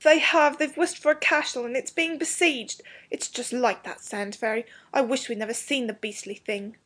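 A woman voicing an anxious young schoolboy, breathy and hurried, pleading as she speaks. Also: a little high, fairly bright tone, voice pushed up. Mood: dismayed.

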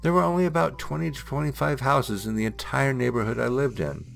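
A man narrating listener-submitted ghost stories in a measured, suspenseful reading style. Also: medium pitch, creaky, soft background music. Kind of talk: scripted storytelling narration.

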